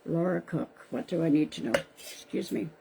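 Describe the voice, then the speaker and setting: A woman's voice: deep voice, moderate pace, gravelly, noisy background. A woman psychic medium giving card readings to viewers on a live stream, chatty and calling out their names. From Canada. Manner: chatty, addresses viewers by name. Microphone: live-stream device mic.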